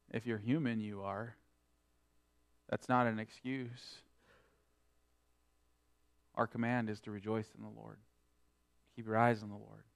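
A man preaching a sermon, quoting scripture in old-fashioned wording and swinging between emphatic peaks and quieter asides. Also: little pitch movement, takes it slowly, gravelly, pauses often. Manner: emphatic preaching, rising and falling in pitch and loudness. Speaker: pastor.

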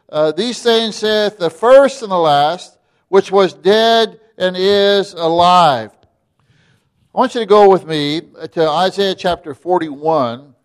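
High-voiced man preaching a sermon. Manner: preaching with rising emphasis, reading scripture slowly; frequent filler "uh" and restarts. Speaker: pastor.

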